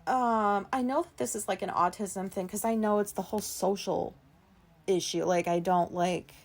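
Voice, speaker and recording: A woman in her thirties hosting a podcast, telling a personal story in a halting, anxious way, with many fillers and pauses. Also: medium pitch, steady tone. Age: 30s. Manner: anxious, self-deprecating. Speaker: podcast host. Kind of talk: rambling personal monologue.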